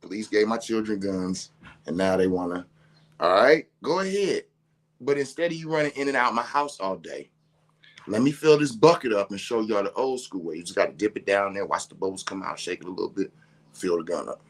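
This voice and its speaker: Laughing, animated storytelling dad. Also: male voice, on the low side, brisk. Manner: animated, laughing through his words, swearing freely. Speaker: father telling a story. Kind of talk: casual storytelling to camera.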